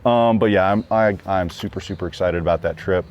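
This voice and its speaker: A man's voice: low voice, fairly quick, darkish tone, muffled recording, slight background noise. A man being interviewed about a trip, talking casually and rambling with lots of fillers and restarts. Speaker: guest hiker. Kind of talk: casual chat.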